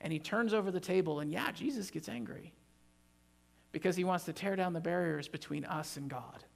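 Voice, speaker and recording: Preaching in church, this man is emphatic, building up to loud, lively outbursts and joking with those in the pews. His high-pitched voice moves briskly and carries vocal fry.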